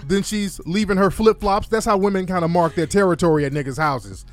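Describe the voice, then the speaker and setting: A man hosts a casual advice chat, brash and joking, and he laughs often as he talks. His voice sits slightly higher than most men's. Faint music plays underneath. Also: brisk. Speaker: advice show host.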